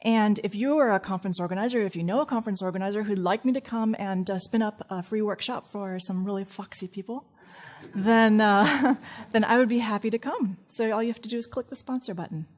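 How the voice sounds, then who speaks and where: A woman's voice: mid-range voice, a little fast. A woman from St. Louis giving a chatty conference talk to a live audience, laughing often and tossing in self-deprecating asides. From St. Louis, USA. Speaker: conference speaker.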